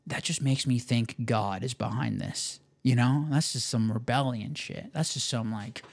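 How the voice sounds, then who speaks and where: A young man hosting a podcast, talking in an excitable, slangy way full of "like" and "dude". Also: mid-range voice, a little slow, vocal fry. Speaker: podcast host. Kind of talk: casual podcast commentary.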